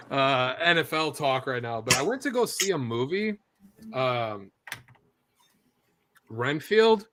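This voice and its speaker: A man co-hosts a live sports stream, chatting in a loose, rambling way over a noisy background. His medium-pitched voice is very animated but slow, with frequent pauses, and he wears a headset or earpiece monitoring a TV feed.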